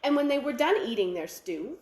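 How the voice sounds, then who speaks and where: A woman telling a traditional folktale aloud at a library, animated and full of sound effects. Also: a little high, a little fast, roomy sound. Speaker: library storyteller.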